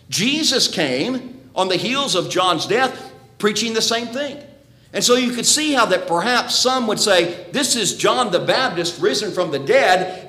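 A man's voice: sits high, pushed and bright. A man preaching a sermon to his congregation, earnest and emphatic, asking rhetorical questions. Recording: roomy echo.

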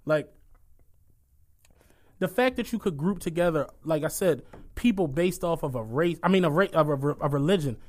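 Guy cohosting a podcast, highish voice, slangy and profane, cracks up a lot. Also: lively intonation, normal speed, pauses often, a little mellow. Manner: loose, profane, laughs often, slangy. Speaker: podcast co-host. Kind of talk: casual chat.

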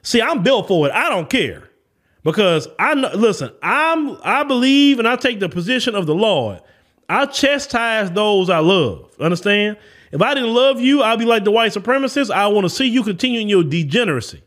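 Man, Southern US accent, high-pitched, preachy, emphatic, podcast commentary. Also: sing-song, normal speed, fairly bright tone. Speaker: podcast host.

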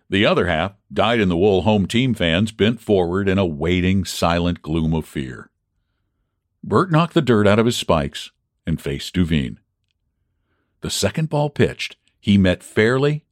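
Man reading a story with lively expression. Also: on the low side, no room sound, studio quality. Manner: expressive reading, shouting out the fans' cries. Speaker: audiobook narrator. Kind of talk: scripted narration of a classic baseball story.

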